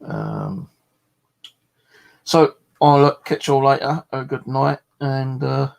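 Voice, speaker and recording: A man's voice: medium pitch, wildly swooping pitch, slow, creaky. A man chatting casually in a vlog, a rambling storyteller full of fillers and the odd swear word. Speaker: vlogger.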